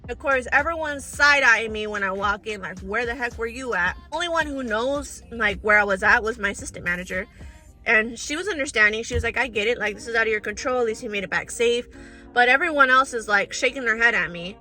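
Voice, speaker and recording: A young woman with a high, bright voice tells a personal story straight to her viewers. She talks in a chatty, exasperated way, calling them y'all and girl. Faint music sits under her voice. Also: brisk. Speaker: storytime vlogger.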